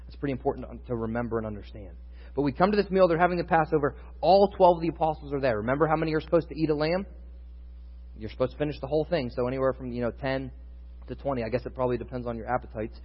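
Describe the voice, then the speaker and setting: A man's voice: medium pitch, breathy edge. A man preaching a sermon in a conversational teaching style, building in intensity at times. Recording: muffled sound with long reverb in a hall.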